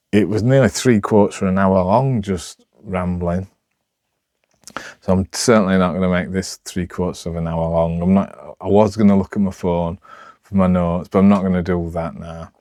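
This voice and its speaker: A man with a Sheffield accent talking unscripted to camera, rambling and halting with lots of restarts, in a rough, broad way of speaking. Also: low-pitched, warm tone, dry recording, studio quality. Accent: Sheffield, Yorkshire. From Sheffield, England. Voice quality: rough, broad local speech. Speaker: vlogger.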